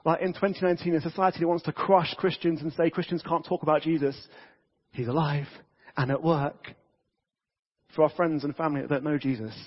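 A man preaching a casual, lively sermon to a church congregation, talking conversationally with frequent restarts. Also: on the high side, fairly quick, husky. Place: church hall. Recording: dull reverberant church audio.

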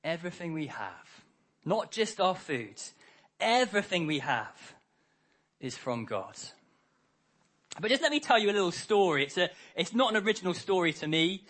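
A man's voice: high-pitched, very animated, moderate pace, a bit bright. A man preaching a harvest sermon, telling a story and acting out the characters' lines.

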